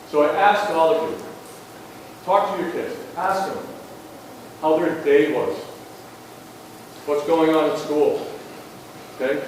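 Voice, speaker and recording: A man's voice: on the high side, a little hiss or hum. A man giving an earnest motivational talk to parents, telling stories and checking in with "okay?". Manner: earnest, storytelling, frequent "okay?" check-ins. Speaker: school athletics speaker. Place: school auditorium. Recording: echoey hall from far off.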